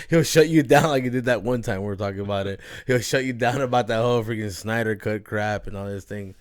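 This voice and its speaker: A man's voice: medium pitch, a little fast. A young man hosting a podcast, chatting loosely, swearing often and laughing. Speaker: podcast host. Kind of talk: casual chat.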